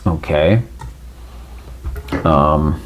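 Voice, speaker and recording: A man's voice: a bass voice, drawn-out words, a little hiss or hum. A man giving a casual unboxing walkthrough, reading on-screen prompts aloud and talking to viewers as ladies and gents. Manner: reads on-screen prompts aloud, thinking out loud. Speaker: tech reviewer.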